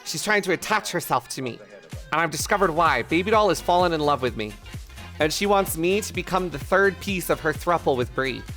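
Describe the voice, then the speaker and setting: A man's voice: on the high side, animated, fairly quick, bright, forceful tone. A man streaming live, chatting casually with viewers in a rambling, self-mocking, profane way, with faint music behind. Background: faint music playlist.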